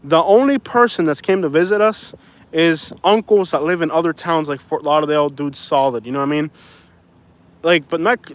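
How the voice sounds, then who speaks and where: A man's voice: a little high, normal speed. Frustrated young man venting on a live stream. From Florida. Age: young adult. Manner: frustrated, venting, apologetic about swearing; says "bro" and "like" often. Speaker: YouTuber reading live chat. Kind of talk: casual live-stream rant.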